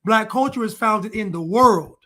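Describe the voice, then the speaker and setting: Male commentator, high voice, emphatic and repetitive, solo opinion monologue. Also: expressive, a little slow, a bit bright. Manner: emphatic and repetitive, hammering points home. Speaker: online commentator.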